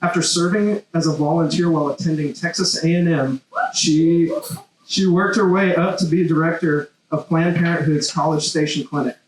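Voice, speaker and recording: A man's voice: fairly high pitch, a little hiss or hum. A man acting as event emcee, reading a speaker introduction in an upbeat, scripted delivery. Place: large hall. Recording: echoey hall sound.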